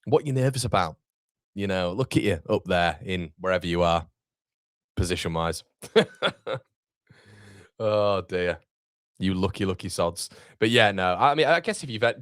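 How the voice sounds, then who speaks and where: A man's voice: low voice, moderate pace, long pauses, a bit bright, dry recording, clean studio sound. Chatty man hosting a football stream. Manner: chatty, informal, reads viewer comments aloud. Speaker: football watchalong host. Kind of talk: live-stream chat reading comments.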